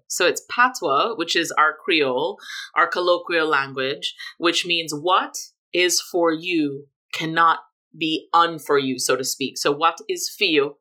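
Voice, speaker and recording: A middle-aged woman from Jamaica, a guest telling her story in a relaxed interview, with emphatic lifts on key words. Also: low voice, unhurried. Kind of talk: casual conversational interview.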